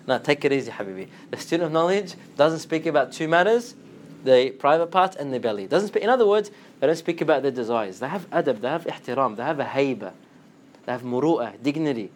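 Guy lecturing students, kinda high voice, super animated, faint hum behind. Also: brisk. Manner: animated, acts out quotes in a lower voice, mixes in Arabic. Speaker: Islamic teacher.

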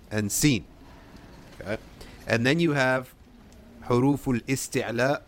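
A man's voice: mid-range voice, a bit bright, a little hiss or hum. A man teaching tajweed, explaining the rules step by step, reciting short examples and checking in with his students.

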